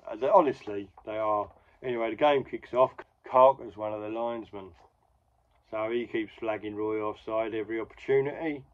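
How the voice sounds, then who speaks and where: A man's voice: mid-range voice, highs cut off. A man hosting a podcast, casually recapping an old comic in a rambling, chatty way with wry asides. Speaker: podcast host.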